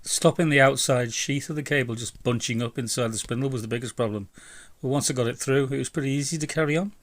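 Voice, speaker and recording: A man's voice: mid-range voice, quick pace, no echo. Chatty man tinkering with a bike. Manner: chatty, self-mocking, blunt. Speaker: DIY e-bike vlogger. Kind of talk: casual workshop vlog.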